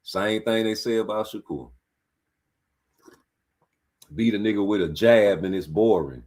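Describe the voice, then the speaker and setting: A man's voice: on the low side, a little slow. A man giving a casual boxing fight breakdown, talking in blunt, profane street slang and calling out the action on screen. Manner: animated, talks back at the fighters on screen. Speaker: boxing commentator.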